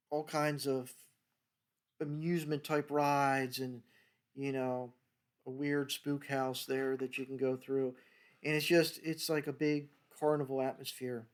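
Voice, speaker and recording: A man's voice: medium pitch, clean tone. An older American man, a former federal wildlife agent, casually telling rambling stories from his career and acting out the dialogue. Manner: rambling, acts out dialogue in quoted voices. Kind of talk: casual storytelling monologue.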